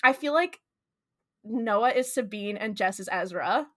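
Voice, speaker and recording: Bright, playful woman podcaster. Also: mid-range voice, expressive, a little slow. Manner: playful, teasing banter. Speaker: podcast co-host. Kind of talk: casual chat.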